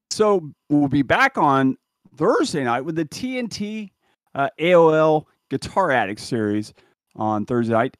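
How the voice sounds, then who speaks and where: A man hosting a podcast, telling a lively story in casual chat and laughing as he talks. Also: medium pitch, dry recording, studio quality. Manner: animated storyteller, laughs while talking. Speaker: podcast host.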